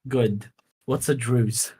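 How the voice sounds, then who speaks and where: Slow and steady, with a warm, slightly breathy medium-pitched voice, this Arabic-speaking man is a live-stream guest in casual conversation. He jokes around teasingly, laughs often, and curses.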